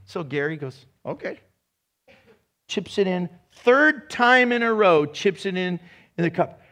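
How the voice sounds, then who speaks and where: A man preaching a sermon to a room, energetic and animated, breaking into shouts and laughs. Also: high voice, a little slow. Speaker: pastor. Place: church room with congregation.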